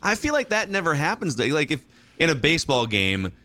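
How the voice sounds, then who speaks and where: A man's voice: fairly high pitch, big pitch swings, a little fast, bright, forceful tone. A man hosting a casual sports podcast, asking and musing in a curious, conversational way. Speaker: podcast host.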